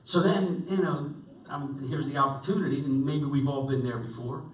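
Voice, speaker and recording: A male pastor tells a story from the pulpit, talking casually and circling back through restarts and fillers. His voice sits a little high for a man. It rings around a roomy hall, heard from some distance off the mic. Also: steady tone, normal speed. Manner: conversational, rambling with many restarts and fillers. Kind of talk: storytelling sermon. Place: church hall. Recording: echoey hall, voice from far off.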